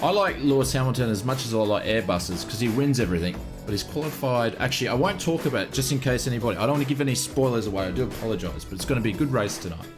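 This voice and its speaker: A man's voice: mid-range voice, lively intonation, very fast, few pauses, over music. An Australian man live-streaming a flight simulator, chatting casually and greeting viewers by name.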